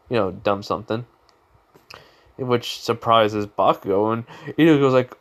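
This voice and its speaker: A man's voice: mid-range voice, animated, unhurried. A young man retelling a fan story in a rambling, off-the-cuff way, full of fillers and restarts. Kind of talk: casual improvised storytelling. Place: home room.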